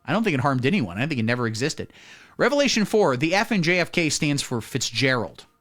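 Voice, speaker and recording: A man delivering a satirical comedy monologue in a mock-serious, deadpan way, breaking into loud announcements. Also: on the high side, fairly quick. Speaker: comedy streamer.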